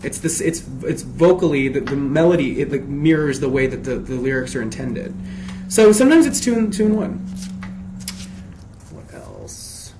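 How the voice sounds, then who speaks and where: A man in a casual live Q&A, reading fan questions aloud and answering in a chatty, expressive way, often restarting his sentences. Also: mid-range voice, moderate pace, background noise.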